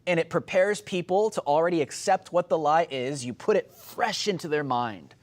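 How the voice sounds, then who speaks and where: A young man hosts political commentary in a heated, emphatic way. His voice sits a little high and jumps to loud, sarcastic bursts as he presses his points. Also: lively intonation, moderate pace.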